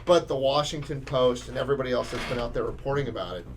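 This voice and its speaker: A man's voice: medium pitch, fast talker, noisy background. A man co-hosting a casual sports talk podcast, emphatic and often restarting his sentences. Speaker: podcast co-host.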